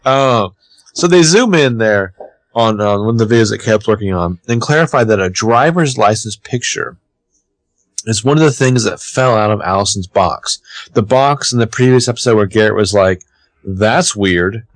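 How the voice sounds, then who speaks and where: A man co-hosting a podcast, recapping a TV episode in casual, animated chat. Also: on the low side, normal speed, dry recording. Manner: chatty, animated, swears casually.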